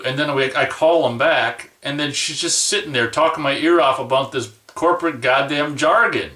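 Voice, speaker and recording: A man's voice: mid-range voice, moderate pace, few pauses, pushed and bright, roomy sound, recorded from a distance. A man venting in a rambling, profane, exasperated rant about his day. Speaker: vlogger. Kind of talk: angry personal rant.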